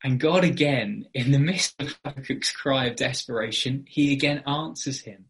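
A man's voice: mid-range voice, normal speed, a bit bright. A man preaching an evening sermon, earnest and explanatory, with frequent fillers and restarts.

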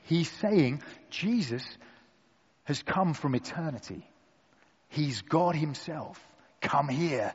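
A man preaching a sermon to a gathered room, deliberate and emphatic with dramatic pauses. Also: medium pitch, lively intonation, slightly rough, in a large hall, muffled recording. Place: church hall with an audience.

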